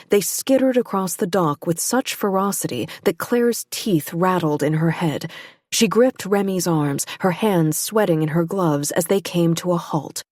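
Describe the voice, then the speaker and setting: A woman narrating a novel as an audiobook, with a measured, even delivery. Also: fairly low pitch, dry recording, studio quality. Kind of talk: scripted narration.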